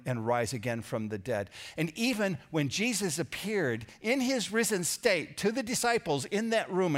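A man preaching a sermon, who swings from loud emphatic lines to hushed ones and sometimes repeats words mid-sentence. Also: fairly high pitch. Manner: dramatic shifts between loud emphasis and hushed quoted lines; repeats words when searching for them. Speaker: pastor.

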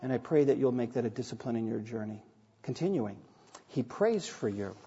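A middle-aged male pastor preaching in a church sanctuary, his voice dark and slightly husky. He moves earnestly between scripture and personal stories, with light humor along the way. The sound is dull, and a long hall reverb hangs on every phrase. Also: mid-range voice, expressive, brisk. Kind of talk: sermon.

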